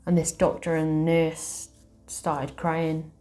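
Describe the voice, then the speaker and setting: A woman, a tarot reader hosting her channel, telling a personal story to camera in a soft, slow, heartfelt way. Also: low-pitched, little pitch movement, faint music behind.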